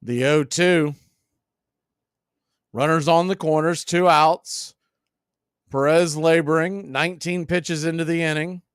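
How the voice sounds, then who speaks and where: A man calling baseball play-by-play for a fan radio stream, steady with wry asides. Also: a little high, slow, long pauses, clean tone, no echo, studio quality. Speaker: play-by-play announcer.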